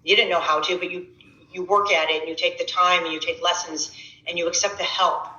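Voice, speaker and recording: A woman's voice: on the low side, flat delivery, a little fast, bright, forceful tone, echoey room, lo-fi sound. A middle-aged woman fitness coach giving a casual motivational workshop talk, conversational and repetitive, often restarting her words.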